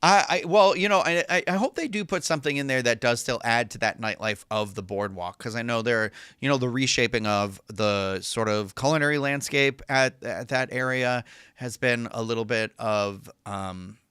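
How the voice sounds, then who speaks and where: Bright, clear-voiced young man chatting. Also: medium pitch, moderate pace, dry recording, studio quality. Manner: chatty, restarts, reads announcements aloud. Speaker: podcast co-host. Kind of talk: casual chat and reading news.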